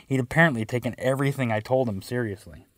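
A man's voice: medium pitch, fast, no echo. A man narrating a first-person story in a dry, wry way, voicing the quoted lines himself.

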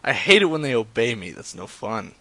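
A man streaming prank calls and chatting casually with his viewers, excitable and profane, often laughing. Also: medium pitch, fairly quick, husky, no echo. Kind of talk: casual live-stream chat.

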